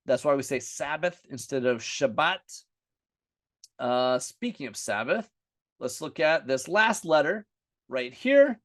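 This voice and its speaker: An American man teaching the alphabet in a relaxed lesson, saying each letter name aloud again and again as he writes it. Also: a little high, slow pace, no room sound, studio quality. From United States. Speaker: Bible and Hebrew teacher.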